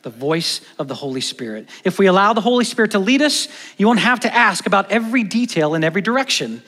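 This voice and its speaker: Quick-paced and high-voiced, a man preaches as pastor in a church hall with long reverb. He's animated, moving back and forth between loud stresses and softly emphatic lines.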